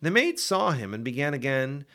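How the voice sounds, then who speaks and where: A man reading scripture aloud for a daily Bible podcast, with an expressive, dramatic delivery. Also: medium pitch, normal speed. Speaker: Bible reader.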